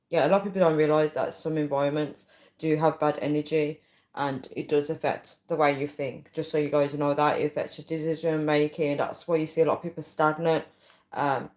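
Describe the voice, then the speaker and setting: Woman, low voice, casual livestream chat, rambling, frequent ums, echoey room. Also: a little mellow. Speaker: livestream host. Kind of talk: casual live chat, reading viewer comments.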